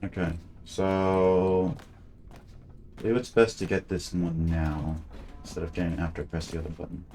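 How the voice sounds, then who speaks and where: A man's voice: sits low, little pitch movement, normal speed, mellow, faint music behind. A man streaming a game, chatting casually and thinking aloud as he plays, often trailing off and restarting. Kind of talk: casual gameplay commentary.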